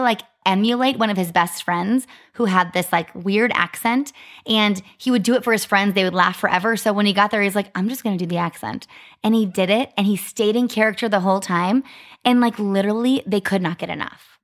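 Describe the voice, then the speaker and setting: A woman's voice: mid-range voice, brisk. A woman in her thirties co-hosting a podcast, telling a story in casual chat with lots of "like" fillers. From Arizona, US. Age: 30s. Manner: chatty, lots of "like" fillers, animated retelling. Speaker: podcast co-host.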